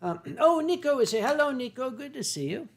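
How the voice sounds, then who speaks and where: Man, stream host; loose, rambling, foul-mouthed chat, throat-clearing. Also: very high voice, big pitch swings, fairly quick. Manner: rambling and profane, reads chat aloud, frequent throat clearing. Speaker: livestream host. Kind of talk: casual livestream chat while drinking.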